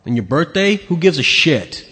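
A man's voice: on the high side, sing-song, normal speed, fairly bright tone, breathy edge. A man hosting a podcast, ranting angrily and crudely as he comments on video clips. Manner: angry, profane, mocking. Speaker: podcast host. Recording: long hall reverb.

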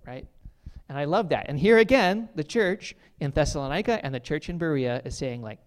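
A man's voice: on the high side, lively intonation, normal speed. A man preaching a casual, conversational sermon as pastor, earnest and full of filler words.

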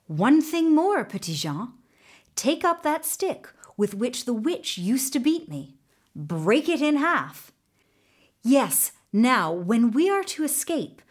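A woman voicing a wise, calm white horse who gives steady instructions in a storybook reading. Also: fairly high pitch.

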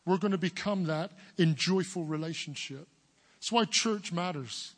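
Preaching at a normal speed, an English pastor in his forties uses a powerful, booming voice pitched fairly high. His sermon climbs earnestly to emphatic statements, and a long echo rings around him like in a church hall.

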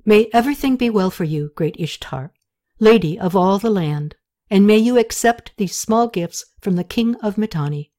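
A woman's voice: mid-range voice, animated, moderate pace, warm tone, natural voice. A woman reading as a solemn royal scribe. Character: male royal scribe, formal and ceremonious.

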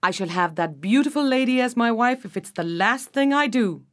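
A woman's voice: on the high side, expressive, moderate pace, lightly acted. Lady reading a young prince, proud and lovestruck, vowing hard. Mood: determined. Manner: ardent and vowing.

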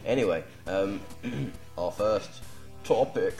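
A man's voice: fairly low pitch, expressive, slow, creaky, darkish tone, soft background music. A young English man hosting a podcast, rambling and self-deprecating, with lots of ums. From England. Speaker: podcast host. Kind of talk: casual podcast banter.

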